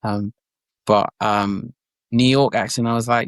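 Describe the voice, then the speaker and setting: A man's voice: mid-range voice, measured pace, clear, resonant tone, dry recording. A young adult man, an actor, chatting loosely in an interview with lots of fillers. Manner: relaxed, loose, with many fillers and self-quotes. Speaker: actor guest. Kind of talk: casual interview chat.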